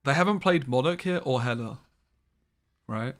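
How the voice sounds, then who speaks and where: A man hosting a casual live stream of a card game, his pitch swinging up and down as he talks. He chats easily with viewers and laughs a lot. His voice sits in a middling register. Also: expressive, moderate pace, a bit bright. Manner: chatty, laughs often.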